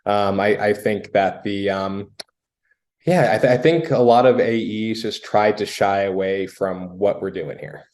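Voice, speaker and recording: A young man from the United States, a sales guest telling a story in a relaxed, casual interview manner with frequent fillers. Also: fairly low pitch, unhurried.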